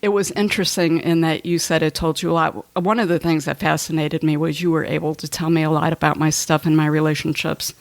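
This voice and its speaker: Woman podcast host, low-pitched, casual and self-deprecating, recorded dry. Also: little pitch movement, brisk, vocal fry, few pauses, no room sound. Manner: chatty, self-mocking, laughs while talking. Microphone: headphones and mic.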